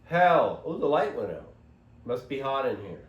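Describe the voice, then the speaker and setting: A man hosts a casual, meandering spiritual monologue, very animated yet measured in pace, his medium-pitched voice breaking off mid-thought and digressing. Recorded on a phone, it's muffled, echoey and distant with faint hiss.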